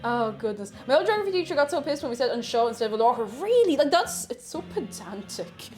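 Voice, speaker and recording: A chatty young Irish woman, her voice sitting a little high, talking on a live stream as she bakes. She reads viewers' messages aloud and giggles along with them, while soft music plays behind her. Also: sing-song, fast. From Ireland. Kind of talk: casual live-stream chat while baking.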